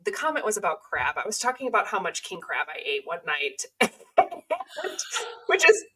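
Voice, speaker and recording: Bright, chatty woman podcast host. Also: fairly low pitch, very animated, normal speed, slight background noise, rough recording. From California. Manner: chatty, storytelling, laughs while telling. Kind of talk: casual conversation.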